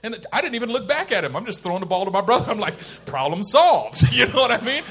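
A man preaching a sermon, shifting between loud emphasis and quiet intensity, and laughing as he tells a personal story. He grew up in Oakland, California. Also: extremely high pitch, lively intonation, very fast.

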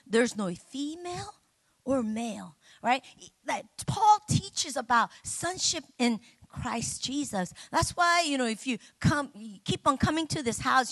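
A middle-aged woman preaching a sermon, chatty and humorous with the congregation and bursting into loud, emotional exclamations. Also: on the high side, sing-song, unhurried, no echo.

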